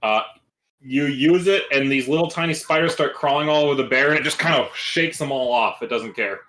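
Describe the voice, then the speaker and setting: A man's voice: mid-range voice, fairly quick, a little hiss or hum. Man narrating as game master, echoey room. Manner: relaxed, loose descriptive narration with fillers.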